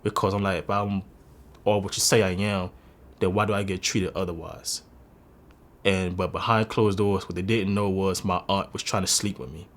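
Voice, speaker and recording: A man in his twenties, interviewed about his life, tells his own story in a low voice at normal speed with fairly even intonation. It is candid personal testimony, earnest, confessional and emotional.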